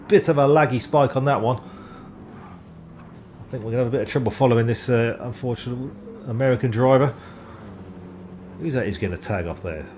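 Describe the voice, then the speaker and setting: Guy commentating sim racing, rambly and excitable, mid pitch voice, faint noise behind. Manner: excitable, chatty, rambling, stumbles over names. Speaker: race commentator.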